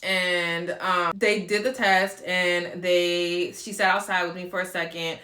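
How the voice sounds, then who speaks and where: A woman's voice: lowish voice, level tone, unhurried, sharp tone, reverberant. A woman telling a personal story in a vlog, tearful and close to crying, with many fillers and restarts. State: close to tears.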